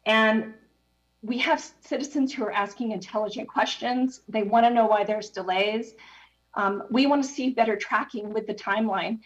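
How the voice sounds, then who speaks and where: A woman's voice: on the high side, lo-fi sound. Breathless woman giving public comment. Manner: hurried and apologetic, with many fillers. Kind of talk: public comment at a council meeting.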